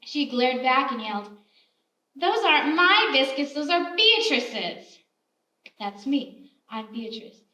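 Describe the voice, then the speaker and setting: Brief: actress as a bossy, kindly old-time homemaker, high voice, roomy stage sound from a distance. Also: female voice, steady tone, unhurried, a bit bright. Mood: chatty scolding. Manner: motherly, scolding, chatty. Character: kindly, bossy frontier woman baker. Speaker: stage actor. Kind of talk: live stage play acting. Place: theater stage. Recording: roomy theater stage, heard from afar.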